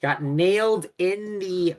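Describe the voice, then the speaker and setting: A man's voice: high voice, takes it slowly. A young man co-hosting a casual sports podcast, rambling, stumbling over names and correcting himself as he goes. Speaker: co-host.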